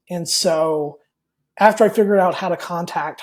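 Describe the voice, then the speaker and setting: A male podcast guest with a high, slightly mellow voice tells a personal story at a moderate pace. He's candid and rambling, full of fillers and repeated words, in a casual interview setting.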